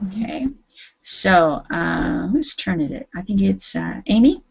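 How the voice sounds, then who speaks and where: A woman's voice: mid-range voice, lively intonation, a little slow, gravelly, slightly rough, no room sound, highs cut off. A woman teaching an English grammar class online, correcting students patiently and encouragingly.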